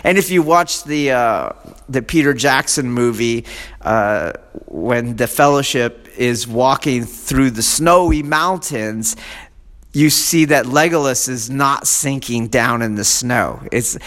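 A man who sounds like a martial arts instructor, giving a rambling casual lecture. He digresses often, keeps checking in with his listeners, and gets animated when he acts out fan excitement. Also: mid-range voice, slow pace. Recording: long reverb of a large hall.

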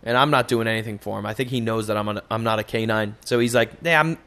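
A young man hosting a casual solo podcast, joking and cursing through loose, animated stories. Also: fairly low pitch, quick pace, smooth. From United States. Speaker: podcast host.

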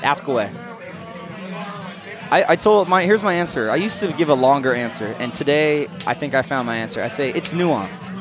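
A man's voice: medium pitch, lively intonation, normal speed. A man hosting a podcast, joking around in casual chat at an outdoor pizza pop-up. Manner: joking, does silly voices in stories. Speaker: podcast host. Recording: loud music and crowd behind.

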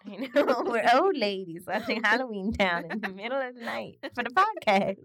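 A woman co-hosting a podcast in casual chat, animated, laughing often and swearing freely. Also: a little high, normal speed, crowd noise. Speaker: podcast co-host.

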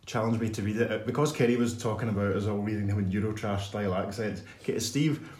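A man co-hosting a podcast in casual chat, giving friendly shout-outs to listeners. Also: on the low side, fairly even intonation, quick pace, roomy sound, a little hiss or hum. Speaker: podcast co-host.

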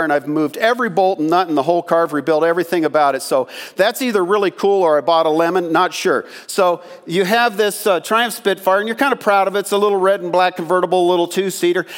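An older male pastor preaches in a loose, folksy way, full of asides to his listeners. He acts out the people in his stories as he goes. His voice sits high for a man. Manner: folksy storytelling with asides to the congregation; acts out quoted voices in the story. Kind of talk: sermon.

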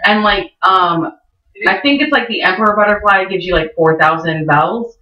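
A woman's voice: mid-range voice, normal speed, pushed and bright. A woman co-hosting a podcast, telling a long, profane, rambling story in casual chat. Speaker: podcast co-host. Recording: roomy, distant, dull lo-fi sound.

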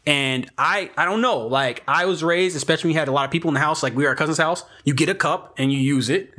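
A young man with a bright, forceful voice that sits a little high for a man. He tells a rambling story among friends in casual chat, full of swearing and restarts. He is animated and unfiltered. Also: fast.

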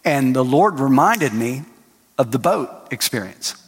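A male pastor preaching a sermon, telling stories with lively acted-out voices that rise at times to shouting. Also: mid-range voice, a little slow, slightly rough. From Texas. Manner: animated storytelling, acting out voices and rising to shouts. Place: church hall. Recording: long hall reverb.

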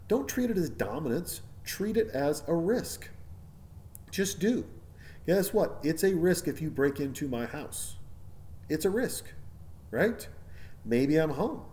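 Profane, animated man ranting. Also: fairly high pitch. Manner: profane, animated, keeps asking "right?"; acts out other people's voices in quotes. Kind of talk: casual monologue rant.

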